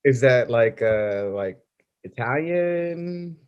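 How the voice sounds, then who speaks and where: A man hosts a relaxed podcast chat in a mid-range voice. He asks his guest loose, enthusiastic questions, tripping over his words as he goes. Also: medium pitch, normal speed, highs cut off. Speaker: podcast host. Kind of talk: casual interview conversation.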